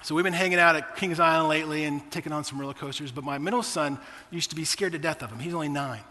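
Bright-voiced pastor preaching in a hall. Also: male voice, a little high, quick pace. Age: 40s. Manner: conversational preaching with personal stories and asides. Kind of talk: sermon.

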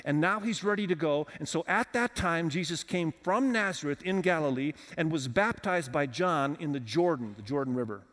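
A man's voice: on the high side, animated, normal speed, hardly any pauses, a bit bright, long reverb tail. A man preaching a sermon as pastor, talking conversationally and putting questions to the congregation. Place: church with several campuses.

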